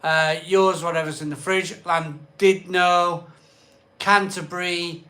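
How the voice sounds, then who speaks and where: A man's voice: high-pitched, fairly even intonation, sharp tone. A middle-aged man hosting a casual live stream, reading out viewer comments and bantering with mild swearing. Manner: chatty, rattles off place names in a quick list.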